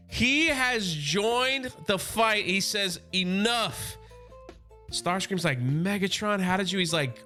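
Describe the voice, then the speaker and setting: A man's voice: high-pitched, pushed and bright. A man doing a casual, enthusiastic comic book recap, loosely acting out the characters' quotes.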